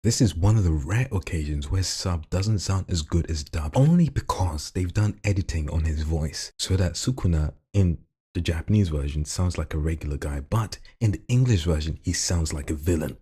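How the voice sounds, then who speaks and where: A man with a very deep, gravelly voice full of vocal fry, chatting casually and jokingly in a vlog while showing off voices at home late at night. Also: moderate pace, no echo, clean studio sound. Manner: relaxed, chatty, jokey asides. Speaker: hobby voice actor.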